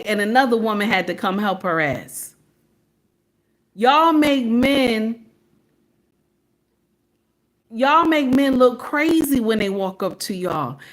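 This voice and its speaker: A woman in her forties with a Southern US accent, talking casually and preachily on a livestream and calling her viewers "baby". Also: a little high. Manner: preachy, sassy, talks straight to viewers with "baby" and "okay?". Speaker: livestream host.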